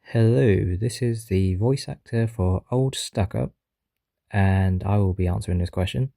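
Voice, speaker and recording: A man's voice: fairly low pitch, measured pace, vocal fry, mellow, no room sound, clean studio sound. A man, a voice actor, casually answering a fan question in an offhand, self-deprecating way.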